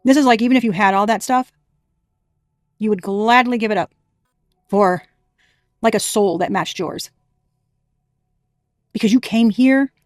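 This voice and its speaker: A woman's voice: mid-range voice, darkish tone, no echo, clean studio sound. A woman giving a casual spiritual tarot reading to her viewers, chatty and emphatic, laughing often and swearing freely. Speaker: tarot reader.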